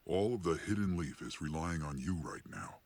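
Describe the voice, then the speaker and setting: An actor voicing a gruff, aging male ninja sage in an anime dub, speaking in a deep, gravelly, teasing and reflective way. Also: moderate pace, a little mellow, slight background noise, lightly acted. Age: older. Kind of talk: anime English dub acting.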